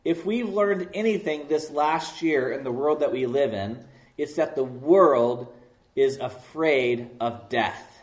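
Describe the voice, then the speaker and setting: A man preaching a sermon as pastor, slow and deliberate, leaning hard on key words. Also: medium pitch, reverberant.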